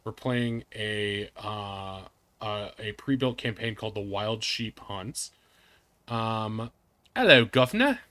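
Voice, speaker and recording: A man's voice: lowish voice, fairly even intonation, slow, a bit bright. A man hosting a live game stream, chatting and joking with friends and viewers. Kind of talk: casual live-stream chat.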